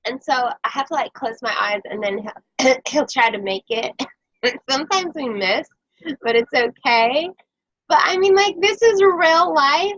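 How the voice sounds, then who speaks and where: A woman's voice: sits high, lively intonation, a little slow, a bit bright, no echo, dull audio. A woman hosting a casual chat over a video call, joking and rambling about her daily life. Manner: joking, rambling, self-mocking. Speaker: host.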